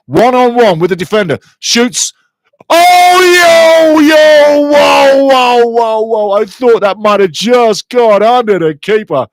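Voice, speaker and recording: A man's voice: fairly high pitch, dry recording. A man hosting a live football watch-along, giving chatty fan commentary and reading out viewer comments.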